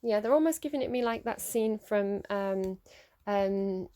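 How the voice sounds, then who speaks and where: Here is a woman talking through a tarot reading as if thinking out loud. She is halting and musing, with lots of ums and false starts. Her voice sits at an ordinary middle pitch. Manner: laughs at her own slips. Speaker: tarot reader. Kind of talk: solo tarot reading to camera.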